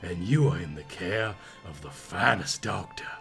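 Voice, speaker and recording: A man doing a breathy Southern nurse. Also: low-pitched, expressive, unhurried, faint music behind, pitched below the performer's own voice, heavily acted. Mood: sweet, soothing. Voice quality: breathy, sweet, soft.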